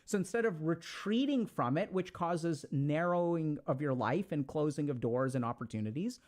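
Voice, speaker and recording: A man giving casual motivational advice in an animated, coaching way with slangy asides. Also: on the high side, normal speed. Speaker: self-help speaker.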